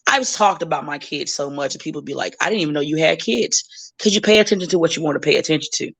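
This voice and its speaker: A woman's voice: sits low, fast talker, gravelly, slightly rough. A woman wrestler as a podcast guest, talking bluntly and profanely in casual chat and acting out the people she quotes.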